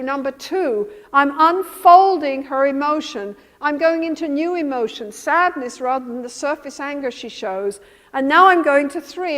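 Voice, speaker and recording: High-voiced woman lecturing in a hall. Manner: animated, acts out both partners' lines. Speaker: therapist giving a workshop. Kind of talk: teaching lecture with re-enacted session dialogue. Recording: reverberant hall.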